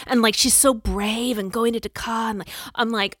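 A woman in her thirties telling a story in casual chat, animated and acting out what others said. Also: medium pitch, normal speed, hardly any pauses, no echo, clean studio sound. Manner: animated storytelling, acts out quotes.

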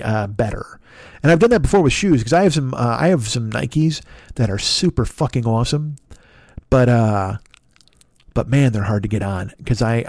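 A man in his fifties talks through a loose, rambling podcast monologue, peppered with swearing and self-deprecating asides. His voice sits at a middling pitch, and the close-miked sound is dry, with no room around it. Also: a little mellow, no echo. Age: 50s. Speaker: comedian podcast host. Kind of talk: casual monologue.

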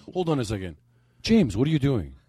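A man doing a comic impression of a fussy, excitable middle-aged male podcast host who bosses and repeats himself. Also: medium pitch, fast, close to an everyday voice. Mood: insistent. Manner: bossy, insistent, repeats himself.

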